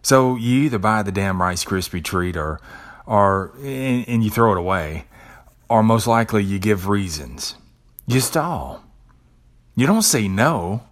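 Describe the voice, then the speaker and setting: A man's voice: fairly low pitch, lively intonation, unhurried. A man hosting a podcast who talks in a casual, conversational way, swears freely and often repeats words as he tells a story. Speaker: podcast host. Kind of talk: casual monologue.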